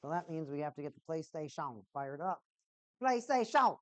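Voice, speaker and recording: A woman hosts a hockey watch party stream, chatting playfully with play-by-play, rambling and repeating phrases in a sing-song way. Her low voice is brisk, a little mellow and fairly even in intonation, and the recording is dry.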